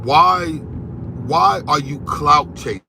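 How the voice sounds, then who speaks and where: A man giving rambling, animated gossip commentary on reality TV, repeating himself as he goes. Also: fairly high pitch, takes it slowly, vocal fry, noisy background.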